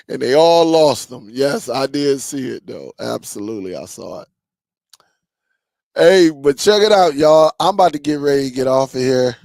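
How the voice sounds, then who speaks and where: Slow, gravelly man chatting on a live stream. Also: mid-range voice, animated, a little mellow, dry recording. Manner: loose, laughing, slangy banter with chat. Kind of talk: casual live-stream chat reading comments.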